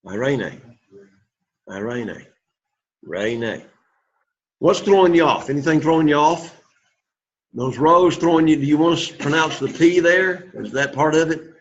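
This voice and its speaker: A man's voice: a little high, moderate pace. A man teaching a Greek class, encouraging the students and repeating words for them to echo, in a dull lo-fi classroom recording. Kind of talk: classroom pronunciation drill.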